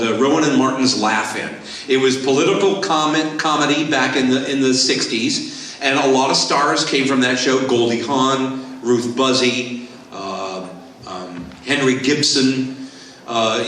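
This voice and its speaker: A man in his sixties from Southern California, a voice actor telling lively stories at a convention Q&A panel on a handheld mic. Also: mid-range voice, slight background noise. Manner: lively, animated storyteller. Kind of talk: convention Q&A storytelling. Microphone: handheld microphone. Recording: echoey hall, voice from far off.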